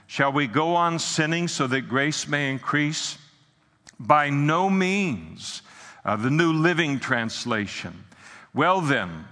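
A man's voice: a little high, sharp tone, in a large hall. A man preaching a sermon in an earnest way, with many filler sounds and restarts. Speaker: pastor.

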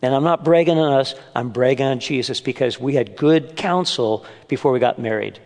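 A man's voice: medium pitch, moderate pace, darkish tone. Older man preaching in an echoing hall. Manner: earnest, storytelling with humor. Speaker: preacher at a men's church gathering. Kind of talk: sermon. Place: church meeting room. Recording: long hall reverb.

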